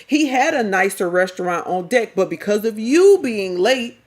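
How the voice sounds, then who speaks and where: A woman's voice: mid-range voice, big pitch swings, normal speed. A middle-aged woman, giving blunt, slangy, scolding reaction commentary as a vlogger.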